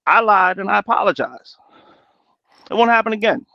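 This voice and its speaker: A man's voice: sits high, moderate pace, creaky, no room sound, dull audio. A man arguing as a guest over a video call, defensive, repeating himself and stammering. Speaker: debate guest. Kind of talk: heated live-stream debate.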